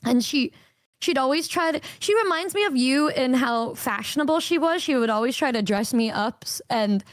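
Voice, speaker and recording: A young woman telling a long personal story on a stream, animated and swearing casually, jumping into a higher voice for quotes. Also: moderate pace, no room sound, clean studio sound.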